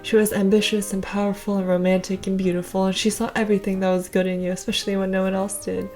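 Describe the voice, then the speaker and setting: A woman's voice: medium pitch, flat delivery, quick pace, a little mellow, soft background music, lightly acted. A young woman voicing an earnest, dramatic teenage girl heroine.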